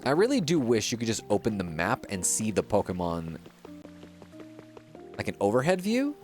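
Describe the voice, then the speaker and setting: A man's voice: lowish voice, huge pitch swings, moderate pace, a little mellow. A man hosting a casual let's-play, chatting playfully and thinking aloud as he goes. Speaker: gaming channel host. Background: faint game music.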